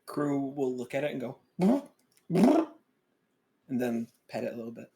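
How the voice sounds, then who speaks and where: Gravelly man narrating his character. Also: fairly even intonation, quick pace, noisy background. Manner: describes his character's actions in third person, low-key. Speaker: player. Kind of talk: tabletop game play.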